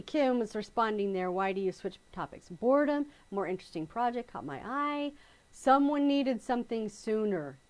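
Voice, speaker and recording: A woman's voice: a little high, darkish tone. A middle-aged woman teaching quilting, chatting casually on a live stream, telling stories with frequent laughter and reading out viewer comments. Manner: chatty storyteller, laughs often, reads out comments.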